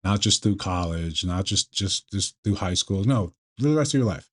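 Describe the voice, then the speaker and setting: Male commentator, low register, lecturing, restarts mid-sentence. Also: lively intonation, breathy edge. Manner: measured, lecturing, with frequent restarts. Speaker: commentator reacting to a clip. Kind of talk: casual commentary.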